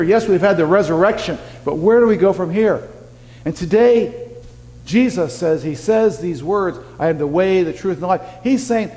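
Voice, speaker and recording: A man's voice: a little high, expressive, normal speed, darkish tone. A male pastor giving a folksy, conversational sermon, talking directly to his congregation with casual asides. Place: church sanctuary. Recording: church sanctuary with long reverb.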